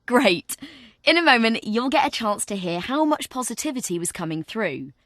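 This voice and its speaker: A woman's voice: fairly high pitch, very animated, normal speed, a bit bright, no room sound. A woman guiding the listener through a communication training exercise in scripted, encouraging narration, coaching them step by step. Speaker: virtual training guide.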